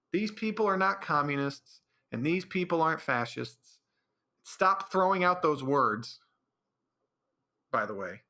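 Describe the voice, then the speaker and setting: In a laid-back solo podcast monologue, the host, a man, rambles and rants through his opinions, restarting often. His pitch is fairly high and his intonation lively; he speaks a little slowly, with a bright, forceful tone.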